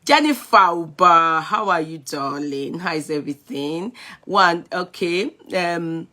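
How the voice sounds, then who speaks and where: A woman's voice: fairly low pitch, expressive, measured pace, sharp tone. A middle-aged Nigerian woman hosting a live stream, greeting viewers by name in a chatty way and slipping into Yoruba phrases. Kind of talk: casual live-stream chat.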